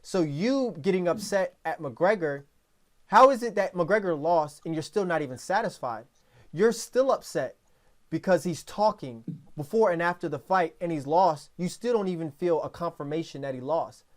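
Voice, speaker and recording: A man hosting a podcast in casual talk, telling stories in a rambling, animated way with many restarts. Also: fairly high pitch, normal speed. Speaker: podcast host.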